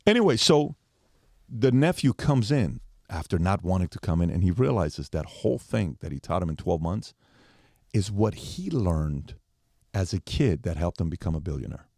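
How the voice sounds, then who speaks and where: Animated storytelling man, low and mellow. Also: moderate pace, no room sound, studio quality. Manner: animated storyteller, acts out quoted lines. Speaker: podcast guest. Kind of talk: storytelling in a podcast interview.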